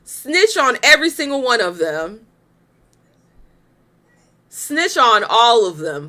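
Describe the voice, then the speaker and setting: A woman's voice: sits high, sing-song, slow pace, pauses often, pushed and bright. A young woman hosting a reaction video, talking bluntly and with exasperation, cursing freely and laughing often while she comments. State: pregnant.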